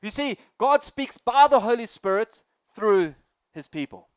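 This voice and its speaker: A young adult man preaching a sermon with energy and humor, rising to loud emphasis on key points and chatting with the congregation. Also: sits high, lively intonation, unhurried, smooth, dry recording.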